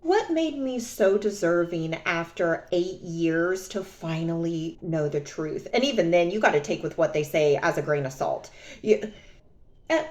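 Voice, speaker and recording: A young adult woman telling a personal story in a casual vlog, sassy and animated, often mocking others. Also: on the low side. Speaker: vlogger.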